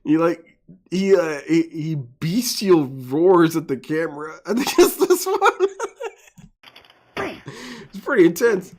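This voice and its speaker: A man streaming a video game, chatting, laughing a lot and rambling excitably. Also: a little high, slow pace, pauses often. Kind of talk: let's play commentary.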